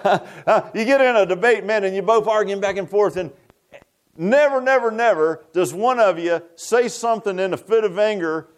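Folksy pastor, high voice. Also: male voice, moderate pace. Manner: folksy, rambling with restarts and asides. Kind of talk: sermon.

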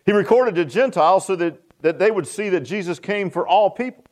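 A man's voice: high voice, lively intonation, a little fast, darkish tone. A man preaching a sermon, folksy and joking, often asking the congregation questions. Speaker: pastor.

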